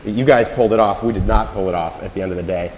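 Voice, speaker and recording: A man from the United States giving a conference talk, telling a story with lively energy and acting out what people said. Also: fairly low pitch, fast, a little hiss or hum. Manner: animated storyteller, acts out quoted lines. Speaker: conference speaker. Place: large hall. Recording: roomy hall with long reverb.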